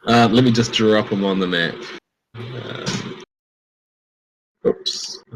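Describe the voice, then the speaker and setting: Chatty low-voiced man game master. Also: slow, noisy background. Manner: chatty, hesitant with fillers. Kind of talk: running a tabletop game online. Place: home room.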